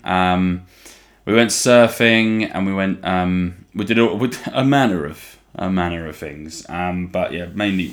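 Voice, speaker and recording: A man's voice: low voice, fairly bright tone. A young man hosting a casual solo podcast in a playful put-on West Country twang, chatty and enthusiastic, swearing freely, repeating himself and calling his listeners his lovelies. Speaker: podcast host.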